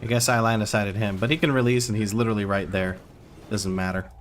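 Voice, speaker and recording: Low-voiced man calling his own gameplay. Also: fairly even intonation, fast talker, slight background noise. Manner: running play-by-play, wry asides to chat. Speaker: streamer. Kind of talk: live gameplay commentary.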